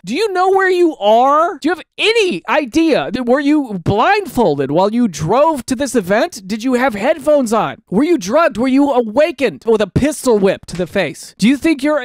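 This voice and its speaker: A man doing comic commentary on online posts, animated and mock-exasperated, slipping into silly voices. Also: extremely high pitch, no room sound, clean studio sound. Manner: drops into silly quoted voices. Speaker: comedy commentator.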